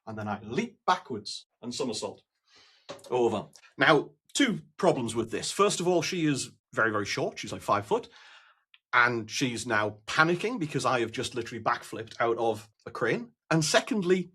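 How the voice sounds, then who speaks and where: A man telling a story as a guest on a podcast, with dry, deadpan humor. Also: mid-range voice, moderate pace, slightly rough. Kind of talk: casual chat, storytelling.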